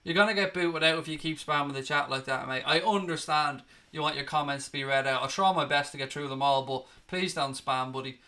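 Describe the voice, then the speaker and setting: A man's voice: on the high side, fairly quick, few pauses, bright, forceful tone. A young man hosting a casual live stream, reading viewer comments aloud and calling them mate and buddy.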